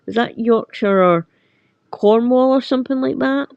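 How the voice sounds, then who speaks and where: Scottish woman, middle-aged, gravelly and mellow, loose rambling chat with viewers, dull lo-fi recording. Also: on the high side, moderate pace, dry recording. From Scotland. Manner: rambling, filler-heavy, laughs often. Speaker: livestream host. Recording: dull lo-fi sound.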